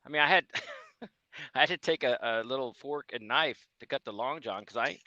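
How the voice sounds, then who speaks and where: Laughing rambling trucker guest from Indiana. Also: male voice, medium pitch, moderate pace, sharp tone, no echo. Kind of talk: casual livestream chat. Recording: dull dry stream audio.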